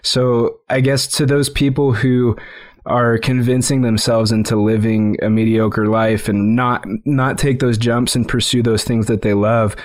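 Regular-sounding guy hosting a podcast, kinda halting, says like and um a lot while he thinks. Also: mid-range voice, little pitch movement. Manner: halting, many fillers, thinking aloud. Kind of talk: casual conversational interview.

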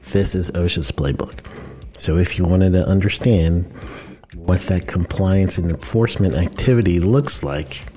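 A man's voice: sits low, measured pace, dark tone. A man hosting a podcast, explaining rules in a loose, conversational way with fillers and self-corrections. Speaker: podcast host on workplace safety compliance. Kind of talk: casual explainer talk.

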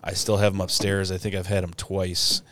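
A man's voice: low voice, completely flat delivery, brisk, fairly bright tone. A man co-hosting a podcast, telling stories among friends in a laughing, profane manner. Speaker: podcast co-host. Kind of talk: casual banter.

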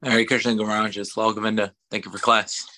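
A man, a student, chatting casually and easygoing with his teacher over a video call, slightly halting and laughing easily. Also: on the low side, flat delivery, sharp tone. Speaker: student joining a class by call. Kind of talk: casual chat.

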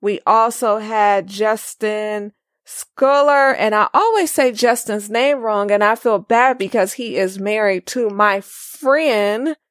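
A woman's voice: medium pitch, slow, no echo. Chatty woman podcast host, dry sound. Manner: chatty, reads listener comments aloud. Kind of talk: casual podcast chat.

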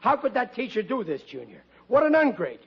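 A man's voice: very high voice, very animated, fairly quick, gravelly, slightly rough, heavily acted. An actor playing a blustering, bumbling working-class father in a 1940s radio comedy, stammering when flustered, on a lo-fi old broadcast.

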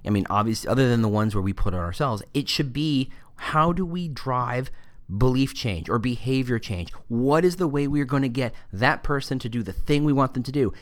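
A man's voice: medium pitch, animated, fairly quick, hardly any pauses. A man hosting a podcast, talking through an opinionated casual monologue with plenty of fillers and restarts. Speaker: podcast host.

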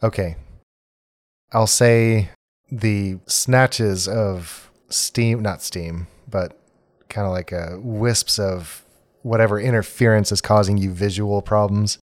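A man running a tabletop game as game master, narrating scenes in a calm, descriptive way. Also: fairly low pitch, slow, no echo, clean studio sound.

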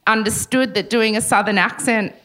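A woman's voice: a little high, steady tone, bright, forceful tone. A woman from Sydney with an Australian accent, co-hosting a live podcast show with jokey, chatty storytelling. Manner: chatty, jokey, quick asides. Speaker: podcast co-host.

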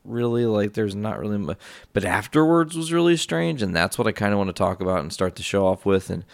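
A man's voice: lowish voice, sing-song, brisk, creaky, dry recording. A young man hosting his own show, telling a rambling, profane story in a casual monologue full of asides. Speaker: podcast host.

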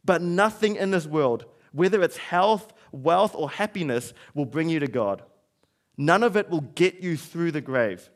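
A man's voice: fairly high pitch, animated, a little slow. Man preaching in a conversational way. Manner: conversational preaching with acted-out quotes. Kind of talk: sermon.

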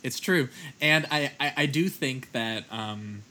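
A man's voice: medium pitch, slow, bright, forceful tone. Man chatting with many restarts. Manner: stammering restarts, laughing often. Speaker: podcast co-host. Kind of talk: casual chat.

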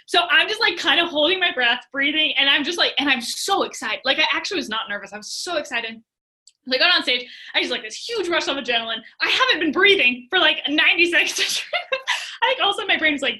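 Very bright, high-voiced excitable woman. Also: fast. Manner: excitable, storytelling with many "like"s. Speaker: podcast guest. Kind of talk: casual interview chat.

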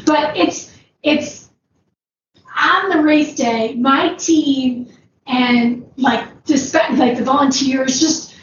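A woman's voice: high-pitched, slow. A woman telling a long personal story in a casual, rambling way, with lots of fillers and frequent laughs. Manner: rambling, many "like"s, laughs often. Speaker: ultrarunner guest. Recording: roomy, distant, dull, noisy background.

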